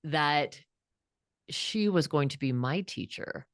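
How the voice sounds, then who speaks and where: A woman's voice: deep voice, animated, takes it slowly, dry recording, studio quality. A woman in her fifties, a guest author, telling a personal story in an earnest, reflective way with frequent restarts. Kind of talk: heartfelt storytelling.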